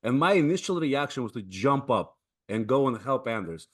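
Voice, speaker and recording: A man's voice: mid-range voice, normal speed. Man host telling a story. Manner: lively storytelling. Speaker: podcast host. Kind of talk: casual podcast conversation.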